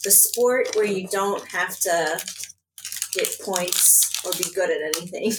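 A woman's voice: fairly low pitch, slow, background noise. A young woman from Illinois co-hosting a casual podcast, telling a story with lots of laughter and swearing. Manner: animated, laughing, swearing freely. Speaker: podcast co-host.

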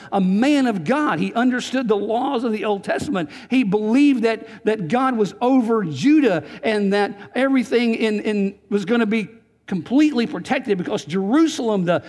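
A man preaching a sermon in a church, earnest, often repeating and restarting words as he presses his points. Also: sits high. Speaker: pastor. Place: church sanctuary. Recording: church sanctuary with long reverb.

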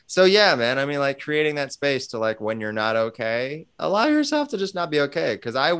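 A man's voice: medium pitch, fairly bright tone, clean tone. A man in casual conversation who talks animatedly, swears freely and acts out bits of dialogue. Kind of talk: casual chat.

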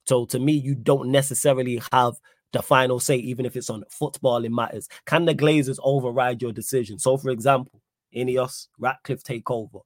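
A young man hosting a casual live-stream podcast, talking in an animated, slangy way and repeating his points for emphasis. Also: mid-range voice, brisk, no room sound, studio quality. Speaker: podcast host reading live chat.

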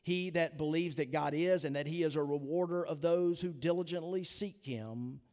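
A man's voice: on the high side, moderate pace, a little mellow. Man preaching in an echoing church. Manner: earnest, emphatic preaching with rhetorical questions. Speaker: pastor. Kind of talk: sermon. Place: church sanctuary.

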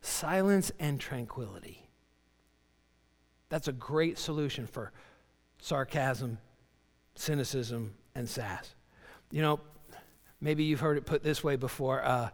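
A male pastor delivering a sermon, moving between loud, dramatic readings and quiet, low emphasis. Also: slow pace, pauses often, long reverb tail. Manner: animated preaching, voicing Job's cries with rising pitch and dropping low for emphasis.

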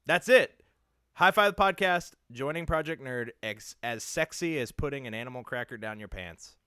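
A man's voice: mid-range voice, animated, moderate pace, pushed and bright, clean tone, no room sound, studio quality. A man co-hosting a podcast in casual comedic chat, joking and laughing often as he riffs on bits. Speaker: podcast co-host.

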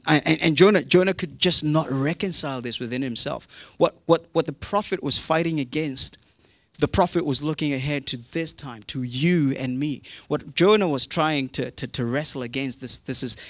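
A man preaching a sermon in an animated, conversational way, often repeating words. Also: medium pitch, normal speed, no echo. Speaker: pastor.

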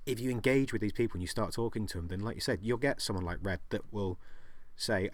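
A man in a casual podcast chat, talking in a relaxed, rambling way and acting out quotes. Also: on the low side, fast, few pauses, dry recording.

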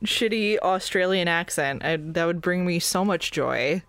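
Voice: mid-range voice, unhurried, fairly bright tone, clean tone, no room sound. A podcast co-host in casual chat, enthusiastic and using casual slang.

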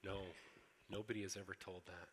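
A preacher voicing a wise male lion who speaks in a calm, grave, measured way. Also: sits low, a little hiss or hum, lightly acted. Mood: solemn. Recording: echoey hall.

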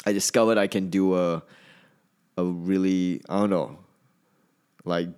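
A man's voice: low voice, steady tone, measured pace, a little mellow, clear, resonant tone. A man who is a stand-up comedian, chatting casually in a rambling, self-deprecating monologue.

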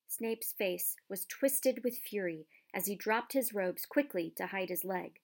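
Woman narrator, storybook audiobook, measured and expressive, mid-pitched.

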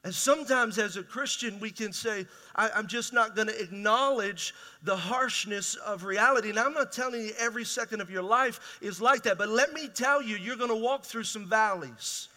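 A man's voice: sits high, normal speed, hardly any pauses, bright, forceful tone. A middle-aged man preaching a sermon as pastor, raw and conversational, asking his congregation rhetorical questions. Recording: reverberant hall.

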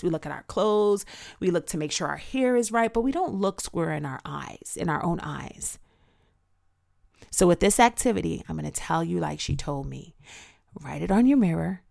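A woman giving an earnest, reflective personal testimony, speaking slowly and deliberately. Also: lowish voice, gravelly, a little mellow. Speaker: speaker sharing her story.

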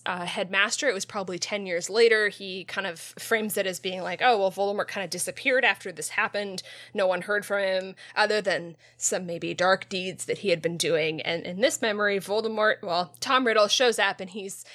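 A woman's voice: medium pitch, fairly bright tone. A woman co-hosting a casual podcast, recapping a book chapter with lots of ums and restarts. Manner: halting, many ums and restarts. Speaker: podcast co-host.

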